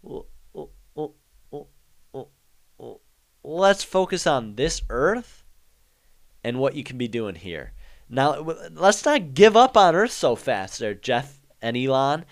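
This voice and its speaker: A young man talks through his solo podcast at an unhurried pace, his voice smooth and clean. He rambles, jokes and slides into half-serious rants as he goes. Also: mid-range voice, very animated. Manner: rambling, joking, ranting. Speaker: podcast host. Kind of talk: casual solo monologue.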